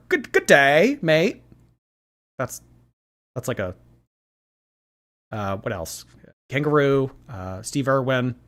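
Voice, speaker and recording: Chatty and animated, this livestream commentary host gossips and reads out viewers' messages, using lots of fillers. He speaks at a medium pitch.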